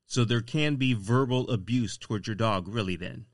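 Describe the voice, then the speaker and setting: A man's voice: mid-range voice, moderate pace, no echo, studio quality. A man hosting an interview, asking long, rambling questions in a casual way. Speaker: interviewer host.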